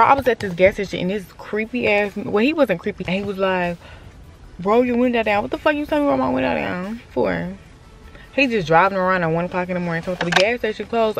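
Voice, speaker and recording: A woman's voice: medium pitch, gravelly. A woman vlogging casually from her car on a long road trip, talking to herself and her dog with lots of swearing. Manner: chatty, profane, talks to herself and her dog. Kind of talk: casual driving vlog. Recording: dull lo-fi audio with loud road noise.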